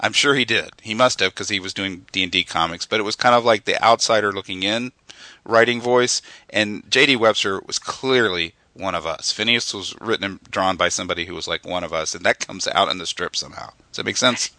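A man's voice: on the low side, bright, forceful tone, no echo. A man co-hosting a podcast, chatting eagerly and emphatically about favorite comics. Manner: enthusiastic, emphatic, quick to agree. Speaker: podcast co-host. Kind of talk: casual chat.

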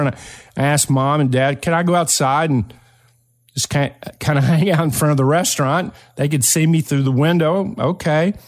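An older man from eastern Kentucky, hosting his own podcast and telling a personal story in an earnest, motivational way with slow, emphatic phrases. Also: mid-range voice. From eastern Kentucky, Appalachia. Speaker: podcast host.

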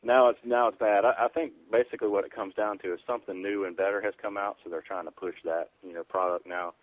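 A man's voice: fairly low pitch, fairly even intonation, fast, no echo. A man working as an EMT, a guest in a casual interview, explaining things plainly in an easygoing way with plenty of fillers. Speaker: EMT guest on a preparedness podcast. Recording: tinny phone line.

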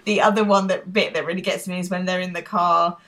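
A woman's voice: lowish voice, level tone, a little fast, a bit bright, poor audio. A married woman co-hosting a podcast, chatting casually and animatedly, laughing and swearing now and then. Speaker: podcast co-host. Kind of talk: casual chat.

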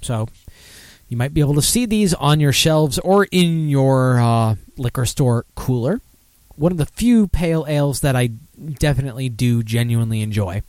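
A man hosting a casual beer podcast, rambling, excitable and quick to laugh as he goes through new releases. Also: mid-range voice, no room sound. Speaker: podcast host.

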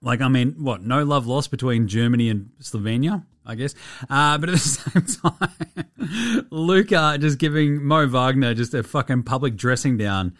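An Australian man hosting a casual sports podcast, animated, swearing freely and laughing often. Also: medium pitch, moderate pace, no echo, studio quality. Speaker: podcast host.

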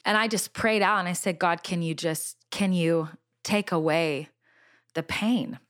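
A middle-aged woman telling a personal faith story in conversation, earnest and animated, with many fillers and restarts. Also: lowish voice, unhurried. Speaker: Christian singer sharing a testimony.

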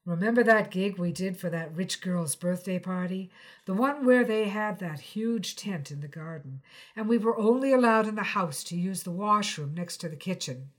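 A woman's voice: mid-range voice, expressive, normal speed, natural voice. A woman reading the part of a young male musician, defensive and earnest, speaking emphatically. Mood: insistent. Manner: louder, emphatic and pleading.

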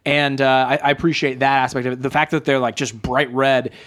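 A man's voice: medium pitch, level tone, brisk, a bit bright. A man in a casual chat, talking hesitantly and filling his sentences with "like". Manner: hesitant, heavy use of "like".

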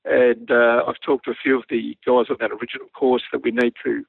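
Australian ex-Army pilot guest, gravelly, self-deprecating yarn-spinner, dry tinny line. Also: male voice, mid-range voice, a little fast, no room sound. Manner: relaxed, self-deprecating, laughs while telling stories. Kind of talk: anecdotal interview storytelling.

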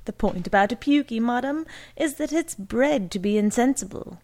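A woman doing a smooth, fawning salesman. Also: on the high side, animated, moderate pace, darkish tone. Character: smooth, overly polite male salesman.

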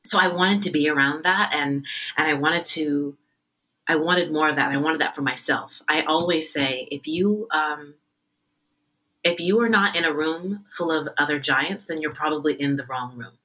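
A woman's voice: deep voice, moderate pace, poor audio. A woman opera singer as interview guest, telling stories animatedly and acting out the voices of others. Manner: animated storyteller, acts out quoted voices. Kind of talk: conversational interview storytelling.

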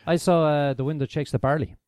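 A man's voice: a little high, fairly even intonation, fast talker, darkish tone, no room sound, studio quality. A man chatting on a podcast, hesitant and searching for names. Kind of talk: casual chat.

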